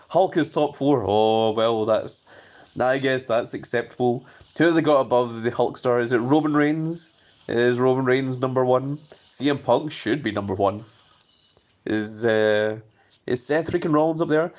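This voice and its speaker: A man's voice: mid-range voice, measured pace. A man hosting a live stream, chatting casually and reading viewer messages aloud.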